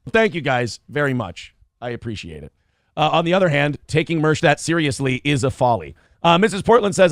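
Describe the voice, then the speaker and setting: Middle-aged stream host, lively swooping pitch, sarcastic and teasing, dry close sound. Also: male voice, normal speed, no room sound. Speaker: host of a live streamed show. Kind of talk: live stream hosting, reading paid comments.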